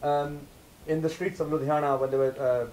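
A man from the UK giving an informal lecture to a camp audience, animated and questioning, mixing Punjabi phrases into English. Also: fairly high pitch, normal speed, slight background noise, rough recording. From United Kingdom.

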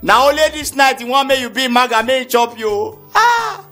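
A Nigerian man doing a stand-up comedy routine in Nigerian Pidgin English, animated and shouting out his punchlines. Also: very high-pitched, normal speed. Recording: comedy CD with music behind.

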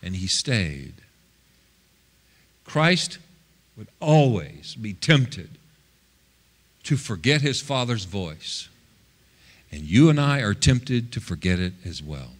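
A male pastor preaching a sermon, swinging between loud, quick passages and hushed, slow ones. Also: fairly low pitch, sing-song.

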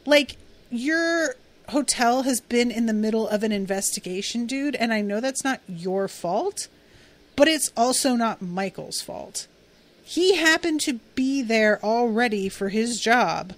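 A woman's voice: fairly high pitch, lively intonation, unhurried. A woman talks casually as a podcast host, recapping a TV episode. She is chatty and full of fillers, and she slips into acted-out quotes of the characters.

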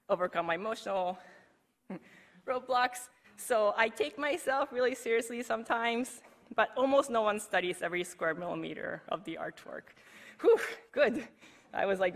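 A conference speaker gives a recorded presentation in a chatty, relaxed style, sprinkling "like" throughout and laughing readily. Her voice is lowish and gravelly with a fairly bright tone.

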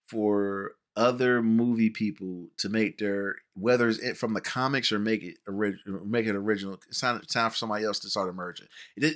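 A man hosting a casual movie review chat, animated, repeating words and acting out the people he quotes. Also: fairly low pitch. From Cincinnati, USA. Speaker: podcast host.

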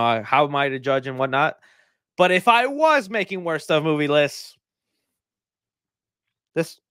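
A male movie reviewer reacting casually to lists in a rambling, animated way with jokey asides. His voice sits a little high. The recording is dry and close. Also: no room sound.

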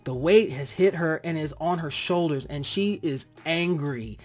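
A lively reviewer chats through a TV episode, voice rising and falling as they act out their own reactions. They drift now and then into heartfelt side remarks. Faint music plays softly behind them. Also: mid-range voice, measured pace. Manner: animated, acts out own reactions. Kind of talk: casual spoken review.

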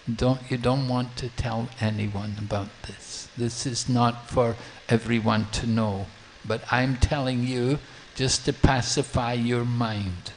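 A man's voice: medium pitch, fairly even intonation, slow pace, slight background noise, pitched below the performer's own voice, poor audio. A man voicing a mischievous boy who questions a priest and then confides a secret, in a storytelling talk. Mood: confiding.

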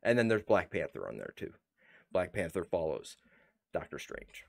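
An American man hosting a reaction video, loud, excited and swearing, repeating his exclamations. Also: low voice, moderate pace, vocal fry. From United States. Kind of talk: casual reaction commentary. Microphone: desk USB microphone.

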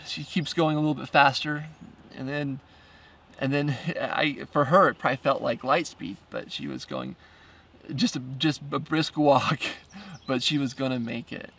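A man tells a story in a casual first-person way, stumbling and repeating words and laughing lightly between phrases. His voice is rough and gravelly at medium pitch. He sits a little back from the microphone. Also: animated, normal speed, fairly bright tone, distant mic. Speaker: filmmaker narrating his documentary.

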